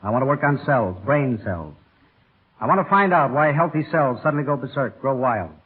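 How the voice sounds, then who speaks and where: An actor playing a brusque, impatient surgeon with a curt, gruff manner, in a 1930s radio drama. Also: male voice, medium pitch, expressive, brisk. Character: brusque, driven surgeon turned researcher. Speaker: doctor. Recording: tinny old radio broadcast.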